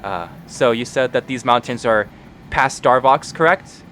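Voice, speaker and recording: A man's voice: medium pitch, measured pace, a bit bright, slight background noise, natural voice. A man playing a curious tiefling woman. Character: curious young tiefling woman, polite and probing.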